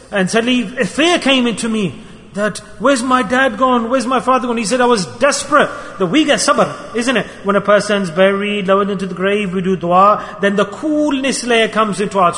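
A man preaching a sermon to a gathering of brothers, telling a story and acting out its quotes in a lively way. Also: high-pitched. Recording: reverberant hall.

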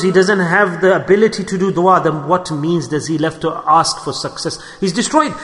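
A man's voice: sits high, fairly bright tone. A man preaching a sermon, telling stories earnestly and pressing his listeners with rhetorical questions. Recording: long hall reverb.

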